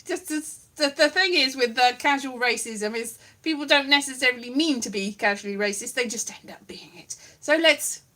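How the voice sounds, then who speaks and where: A woman's voice: high voice, normal speed, hardly any pauses, pushed and bright. A woman at home giving a rambling, giggly comic monologue with puppets, often mocking herself. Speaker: comedian doing a solo online show.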